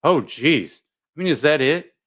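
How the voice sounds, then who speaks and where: Lively, jokey male live-stream host. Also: fairly high pitch, measured pace. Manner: jokey, rambling, reads viewer comments aloud. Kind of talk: casual live commentary chat.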